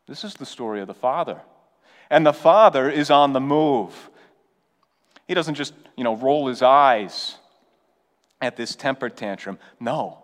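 A pastor preaching a sermon in an earnest, conversational way with urgent appeals. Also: male voice, fairly high pitch, a bit bright, long reverb tail. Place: church.

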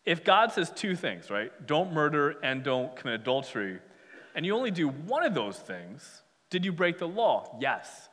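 A man's voice: fairly high pitch, sing-song, moderate pace, few pauses, fairly bright tone, breathy edge. Brief: man preaching, casual and wry, long hall reverb on the recording. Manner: conversational, sarcastic asides, chuckling. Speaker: pastor. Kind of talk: sermon.

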